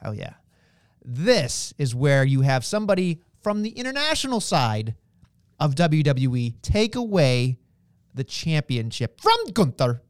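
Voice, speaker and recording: A man co-hosting a casual podcast chat, animated, dragging out words for emphasis and throwing in playful exclamations. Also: fairly high pitch, unhurried, smooth, dry recording, clean studio sound. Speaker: podcast co-host.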